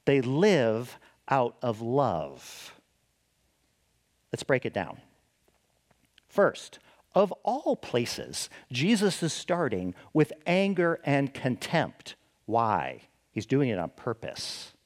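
A man's voice: medium pitch, drawn-out words, pauses often. A man preaching a sermon as a pastor, asking the listeners questions and often adding "right?" as he restarts his sentences. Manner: animated, asks the listeners rhetorical questions; frequent restarts and "right?" tags.

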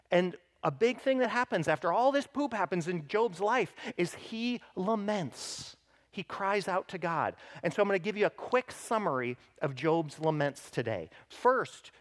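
Man, pastor, sermon, slightly high voice, emphatic, talks straight to the congregation. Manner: emphatic, rises in pitch and volume when voicing scripture; speaks directly to the congregation with frequent "right?".

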